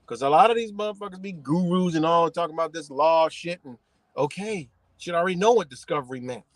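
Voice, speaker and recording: A man rants on a casual livestream from behind the wheel of his car. His voice sits a touch high and sounds dry and close, and his talk is profane, animated and rambling. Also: brisk, no room sound. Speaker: livestream host.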